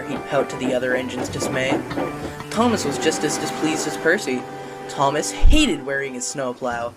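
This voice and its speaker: A narrator telling a children's train story in an expressive, sing-song way. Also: medium pitch, normal speed, music in the background.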